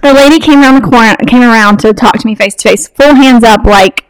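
Middle-aged woman, podcast co-host, lively storyteller with a high-ish voice, dry close sound. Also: fast, smooth, no echo, low-quality recording. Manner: animated storyteller, acts out quoted lines. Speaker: podcast co-host, wedding business owner. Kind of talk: casual chat.

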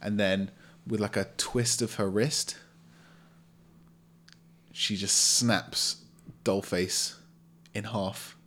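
A man running a tabletop roleplaying game, narrating scenes and reading out rules. He has a low voice and speaks slowly, hesitating as he picks his words. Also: fairly even intonation, a bit bright. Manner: halting, many fillers and restarts. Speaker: game master.

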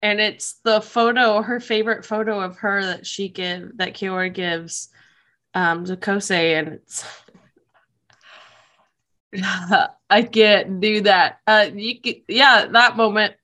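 A woman's voice: medium pitch, steady tone, takes it slowly, sharp tone. A woman co-hosting a casual chat, emotional and emphatic, laughing often. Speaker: podcast co-host. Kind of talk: casual chat about an anime.

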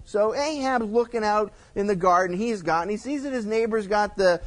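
A man's voice: sits high, moderate pace, fairly bright tone. Conversational male pastor teaching scripture. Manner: conversational, explains with asides. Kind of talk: verse-by-verse Bible teaching.

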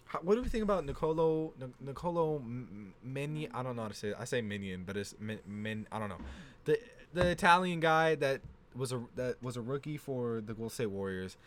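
A teenage boy co-hosting a casual sports podcast, animated and prone to stumbling over player names. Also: medium pitch, fairly quick, a little hiss or hum. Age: teens. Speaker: podcast co-host.

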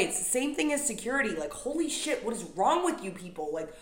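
A woman's voice: on the high side, very animated, fairly quick, hardly any pauses. Young woman ranting profanely, roomy echo. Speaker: podcast host. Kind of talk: comedic solo rant. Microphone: podcast microphone.

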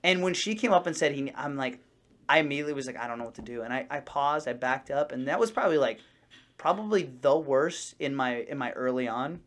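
Guy rambling on a podcast, fairly high voice, lots of restarts and tangents. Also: fairly quick. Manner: rambling, animated storytelling with many restarts. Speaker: podcast co-host. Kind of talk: casual chat.

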